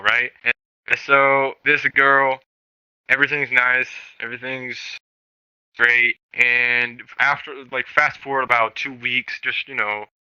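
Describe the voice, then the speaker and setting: A man's voice: mid-range voice, bright, forceful tone, clear, resonant tone, no room sound, poor audio. A young man telling a rambling, profane personal story in casual chat, full of restarts and quoted dialogue. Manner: rambling, profane, self-interrupting. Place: virtual reality social game.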